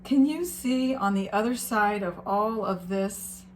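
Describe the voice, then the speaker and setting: A woman giving an encouraging spiritual card reading to her viewers, gentle and sometimes emotional. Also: mid-range voice, a little slow, slight background noise. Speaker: tarot reader.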